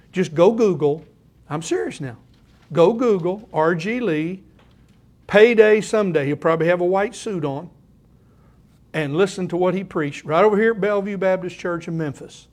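A man's voice: a little high, darkish tone. An older man preaching a sermon, shifting from conversational asides to emphatic scripture reading. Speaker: pastor.

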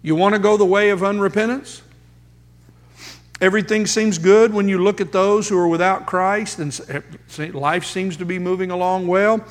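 A male pastor preaching a sermon, emphatic, with dramatic pauses and rhetorical questions, in a church sanctuary. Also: high voice, fairly even intonation. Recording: long hall reverb.

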